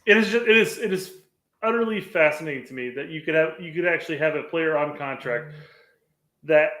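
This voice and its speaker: A man co-hosting a casual sports podcast, joking and halting, often exasperated. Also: on the high side, a bit bright. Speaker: podcast co-host. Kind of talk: casual soccer podcast chat. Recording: roomy echo.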